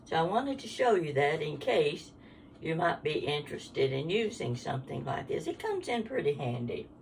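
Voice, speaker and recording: An older woman cooks at home on camera, talking in a chatty, homespun manner while she makes a recipe. Her deep, creaky voice is very animated at a normal speed. She sits somewhat off-mic, distant, with a little hiss or hum and the clinking of dishes and utensils.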